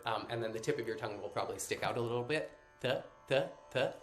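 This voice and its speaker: A man's voice: fairly low pitch, level tone, racing, reverberant, soft background music. A man teaching a live-streamed workshop on mantra chanting, patiently explaining pronunciation step by step. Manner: hesitant, many fillers and restarts.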